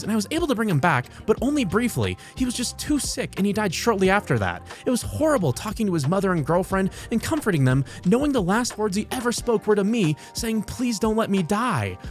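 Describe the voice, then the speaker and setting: A man doing a comedic reading of online posts, with an expressive delivery that swings between deadpan and heartfelt. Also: high voice. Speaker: voice actor reading internet posts.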